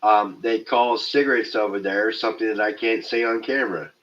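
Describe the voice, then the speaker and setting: A man with a lowish voice and a stuffy nose hosts a casual live stream. He jokes around loosely and swears freely as he answers his viewers. The sound is dull and lo-fi. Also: steady tone, brisk, a bit bright. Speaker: livestream host.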